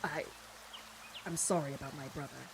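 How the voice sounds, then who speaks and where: A woman voicing a gentle, kindly young man in a read-aloud story, speaking softly and low. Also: steady tone, normal speed, background noise.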